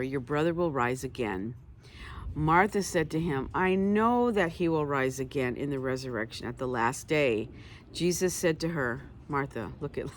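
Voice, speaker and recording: A woman's voice: deep voice, a little hiss or hum. A woman teaching from the Bible, reading passages aloud and stopping often to add conversational comments. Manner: conversational, reads scripture aloud then adds asides.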